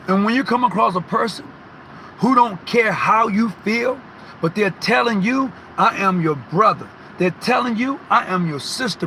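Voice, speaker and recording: A man with a notably high voice talks to his lodge brothers in a loose, emphatic storytelling style. His tone is bright and forward. He repeats words as he builds his point and stops now and then to clear his throat. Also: slight background noise, rough recording. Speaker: Masonic lodge speaker. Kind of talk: informal motivational storytelling.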